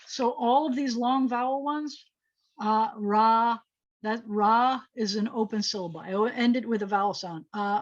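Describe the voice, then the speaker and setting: A woman rabbi teaches a Hebrew class online over a video call, her voice sitting on the high side. She explains things step by step in a chatty way, thinking aloud as she goes, and the audio sounds dull.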